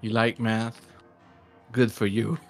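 Male stream host, casual and rambling, unhurried delivery with soft music underneath. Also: mid-range voice, level tone. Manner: rambling and self-deprecating, laughs often. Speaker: livestream host. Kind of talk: casual live-stream chat.

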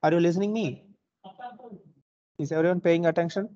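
A man's voice: a little high, fairly even intonation, brisk, mellow, no room sound, highs cut off. A young man with an Indian English accent giving an online university lecture, explaining step by step with frequent "uh" and "so" and checking on his students.

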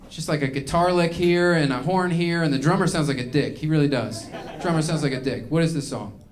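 This stand-up comedian, performing live in a small venue, rants and rambles through his set with plenty of profanity. His voice is a little high and he talks a little fast.

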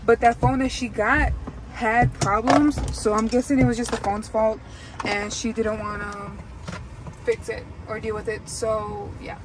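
A woman's voice: a little high, level tone, unhurried. Young woman venting in a car. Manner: venting, swears freely, exasperated. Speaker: vlogger. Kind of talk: casual vlog talk. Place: inside a car. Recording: car noise behind the voice. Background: car and road noise.

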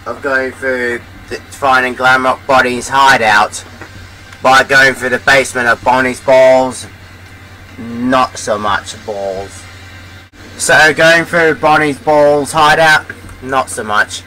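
A man giving rambling let's play commentary, getting excited and shouting at surprises. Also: medium pitch, slow, low-quality recording. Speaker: gameplay commentator. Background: loud game music.

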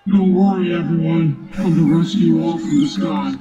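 A man's voice: on the high side, steady tone, normal speed, roomy sound, far from the mic, dull audio, over music, pitched above the performer's own voice. A man voicing a proud, defiant giant male wrestler through a voice changer.

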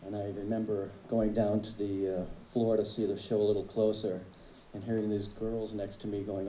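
A man, a drummer, telling relaxed, wry anecdotes in a tribute speech on a live club stage. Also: lowish voice, moderate pace, few pauses, a little hiss or hum. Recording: echoey club with faint ambience.

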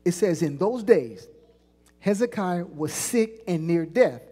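A woman's voice: lowish voice, expressive, slow, mellow, breathy edge. A woman pastor preaching a sermon, leading call-and-response and stretching out key lines for emphasis. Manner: call-and-response preaching, prompting the congregation to repeat phrases. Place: church sanctuary. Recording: long church reverb.

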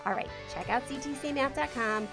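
A woman's voice: sits high, a little fast. Upbeat woman host over music. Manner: upbeat, enthusiastic endorsement. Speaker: podcast host. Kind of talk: sponsor read. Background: clear music.

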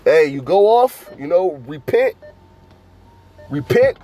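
High-voiced man preaching from his car. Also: big pitch swings, warm tone. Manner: exhorting, heavy with fillers and repeated "man"; reads scripture aloud in slow, measured phrases. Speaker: religious vlogger preaching to his brothers. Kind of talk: casual preaching while driving. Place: inside a car.

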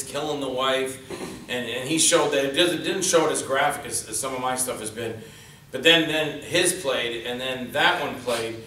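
A man with a bright, forceful voice tells loose, rambling stories about making low-budget films and slips into quick put-on voices for the people in them. He sounds set back from the mic in a roomy hall, with a faint hiss underneath. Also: distant mic. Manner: rambling anecdotes, acts out quoted lines in put-on voices. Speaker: indie filmmaker on a convention panel. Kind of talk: casual storytelling on a panel. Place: convention panel room.

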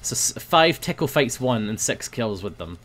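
A young man giving playful commentary over a video game, breaking into loud high yells when the action heats up. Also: very animated, normal speed. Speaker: gaming video host. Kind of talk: casual gameplay commentary.

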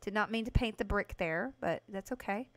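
A woman livestreaming a house renovation game, chatting casually with her viewers and breaking into excited bursts. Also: mid-range voice, normal speed. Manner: chatty, talks to chat by name, excited bursts. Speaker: livestream host playing a video game. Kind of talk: casual live game commentary.

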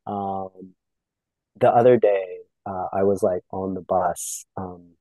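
Mellow-voiced man in reflective chat. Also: low-pitched, steady tone, slow, no room sound, rough recording. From Canada. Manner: reflective, filler-heavy, acts out quoted exchanges. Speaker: podcast guest. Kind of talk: casual conversation.

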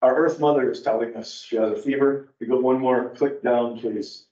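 At a moderate pace and in a mid-range voice, a man visiting an adult education class in a church meeting room meanders from one point to the next like an animated storyteller. The dull, lo-fi recording places him distant from the mic in a roomy space.

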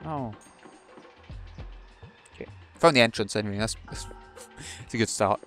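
A man's voice: fairly low pitch, a little slow, pauses often, fairly bright tone, soft background music. A British man giving casual commentary on a video game he is playing, with dry, wry asides. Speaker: let's play host.

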